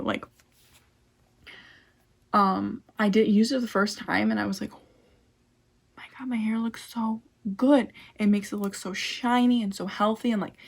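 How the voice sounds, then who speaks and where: A woman's voice: medium pitch, creaky. A young woman casually reviewing hair products in a vlog, chatty and full of "like" and "um" fillers. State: out of breath. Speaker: beauty vlogger.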